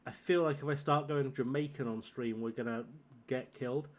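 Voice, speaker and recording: A man's voice: mid-range voice, fairly even intonation, moderate pace. A young man streaming a game, chatting casually in a rambling, self-deprecating way and chuckling often. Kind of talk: casual gaming livestream chat.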